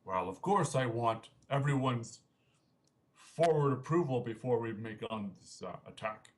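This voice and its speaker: A man playing a tabletop game, speaking in a formal, measured way. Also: medium pitch, animated. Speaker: player.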